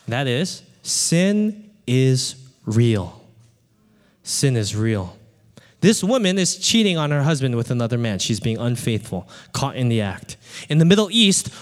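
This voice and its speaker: A man preaching a sermon, telling a childhood story with acted-out voices and often asking the crowd "right?". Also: on the high side. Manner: animated, acts out voices, asks the crowd "right?". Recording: echoey hall.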